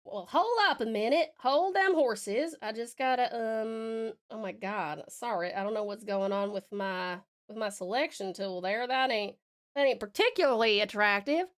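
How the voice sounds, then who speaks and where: A woman's voice: on the high side, expressive, voice pushed down, lightly acted. A woman voicing a sweet, folksy Southern belle with a put-on American Southern drawl. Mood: flustered drawl. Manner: slow drawl, folksy turns of phrase.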